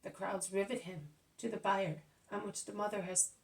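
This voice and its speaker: A woman narrating a religious text in an earnest, steady reading voice. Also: medium pitch, moderate pace, creaky, distant mic, rough recording.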